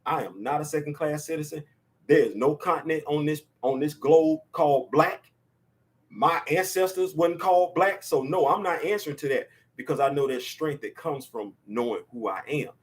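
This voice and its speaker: A man's voice: fairly high pitch, normal speed. A man in his fifties hosting a casual opinion show, talking emphatically and repeating words to drive his points home. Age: 50s. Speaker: podcast host.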